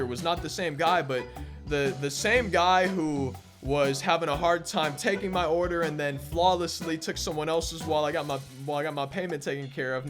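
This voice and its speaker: Young man, casual storytelling, rambling, amused, faint background music. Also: on the high side. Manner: rambling, amused, repeats words when excited. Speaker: gaming YouTuber. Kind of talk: casual storytelling during a pack opening.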